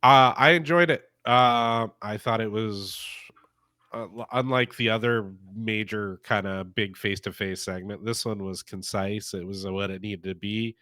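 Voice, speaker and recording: A man's voice: fairly low pitch, fairly even intonation, measured pace, bright, forceful tone, no echo, clean studio sound. A man co-hosting a wrestling podcast, talking enthusiastically and casually, with frequent "uh" fillers. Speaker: podcast co-host. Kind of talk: casual wrestling review chat.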